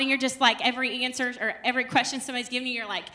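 This is a young woman teaching a Bible study in a relaxed, conversational way. Her voice sits high and sounds bright and clear. She talks to the group like friends, lively and chatty, with frequent laughing asides. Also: fast talker, few pauses.

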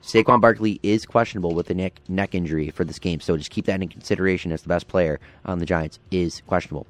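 A man's voice: low-pitched, steady tone, fast talker. Upbeat man hosting football picks. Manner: upbeat, moves the show along. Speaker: show host. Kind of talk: casual sports picks chat.

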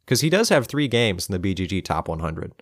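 On a casual board game podcast, a deep-voiced co-host talks fairly quickly and very animatedly, often with a laugh in his voice as he jokes and rambles. The recording is close and dry on a podcast mic, with no echo.

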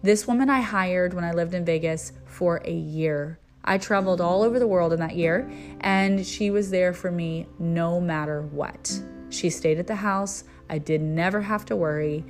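A woman's voice: fairly low pitch, normal speed, faint music behind. A middle-aged woman hosting a spiritual message, telling a personal story and then preaching in an earnest, storytelling way. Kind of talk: inspirational spiritual talk.

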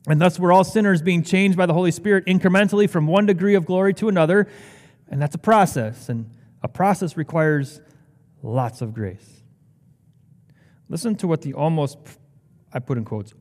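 Impassioned pastor preaching in a reverberant hall. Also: male voice, darkish tone. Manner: impassioned, rising in pitch when quoting scripture. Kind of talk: sermon.

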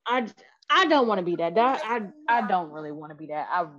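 A woman's voice: fairly low pitch, big pitch swings, a little fast, lo-fi sound, a crowd in the background. A woman talking loosely and frankly in a casual chat, rambling and swearing freely.

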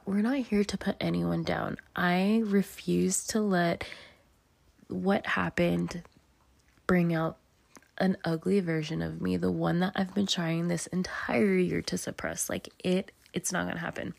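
A young woman with a low, gravelly voice tells a story on her podcast in a loose, chatty way. She swears freely and acts out what people said. The sound is dry and close. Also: darkish tone, no echo. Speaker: podcast host. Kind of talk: casual storytelling monologue.

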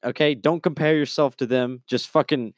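Young man, blunt preachy advice, casual chat, mid pitch, dry sound. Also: fairly even intonation, moderate pace, no echo. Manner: preachy, emphatic, lecturing with "okay?". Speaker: podcast co-host.

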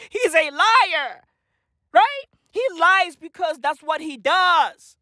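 Brief: woman, high and lively pitch, slow rambling comedic rant, dry close sound. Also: dry recording. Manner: rambling, tags lines with "right?" and "bruv". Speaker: comic ranter. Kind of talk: profane comedic monologue.

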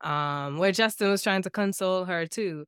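A woman's voice: lowish voice, normal speed, fairly bright tone, smooth, no room sound, clean studio sound. A woman co-hosting a podcast in casual chat, often murmuring agreement and adding laughing asides. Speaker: podcast co-host.

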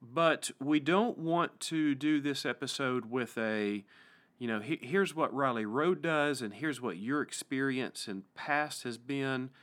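A man with an East Tennessee accent, a pastor hosting a casual podcast interview, friendly and halting with frequent restarts. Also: medium pitch, fairly bright tone.

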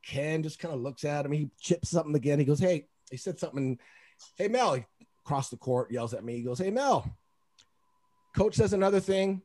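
A man's voice: fairly high pitch, fast talker, warm tone. A man, a basketball referee, telling a story in casual chat, acting out quotes and laughing often.

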